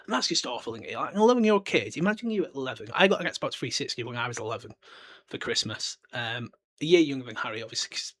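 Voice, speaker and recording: A British man in his twenties hosts a podcast, chatting loosely in a casual, rambling book discussion and swearing offhand. His voice is mid-range with a fairly bright tone.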